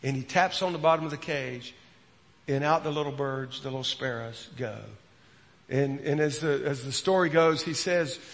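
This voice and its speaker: A man preaching a sermon as a pastor, earnest, repeating words and dropping from loud to hushed. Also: on the high side, moderate pace, in a large hall.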